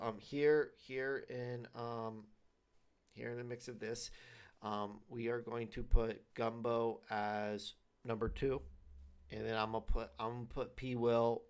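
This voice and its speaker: A man's voice: medium pitch, darkish tone, clear, resonant tone. Rambling man talking league picks. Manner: repetitive, loose, with many fillers and restarts. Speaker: league show host. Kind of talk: casual commentary on league predictions.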